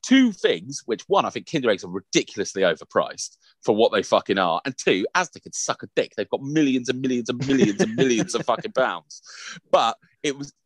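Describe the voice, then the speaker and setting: A man in his thirties hosting a podcast, telling an animated, sweary story with frequent laughter. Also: mid-range voice, fairly quick, dry recording. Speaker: podcast host. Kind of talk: casual storytelling chat.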